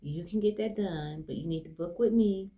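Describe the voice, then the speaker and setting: A woman's voice: on the low side, moderate pace, warm tone. A woman giving a casual online tarot reading, effusive and speaking straight to the viewer. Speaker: tarot reader. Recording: music playing clearly behind her voice.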